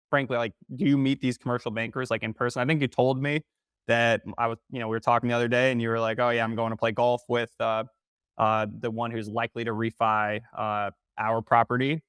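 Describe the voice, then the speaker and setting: A man from North Carolina with a Southern accent, hosting a podcast in casual interview chat and telling stories with lively asides. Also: mid-range voice, fairly quick, clean tone, no room sound, studio quality. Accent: Southern American. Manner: animated storyteller who acts out quoted voices; restarts and fillers, conversational. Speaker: podcast host.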